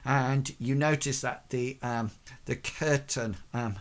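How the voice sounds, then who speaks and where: A man's voice: medium pitch, steady tone, slow pace. A man narrating a tabletop game as game master, hesitant and full of fillers.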